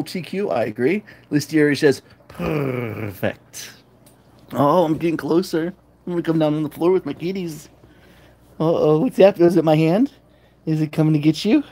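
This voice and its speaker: A livestream host chatting casually, reading viewer comments aloud and answering them, and sometimes cooing at kittens in a high baby-talk voice. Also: warm tone. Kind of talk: casual live chat with viewers.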